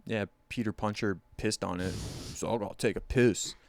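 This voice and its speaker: A man's voice: fairly low pitch, steady tone, normal speed, vocal fry, slight background noise. A man co-hosting a podcast, rambling and swearing freely in casual chat, acting out voices when he retells scenes. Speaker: podcast co-host.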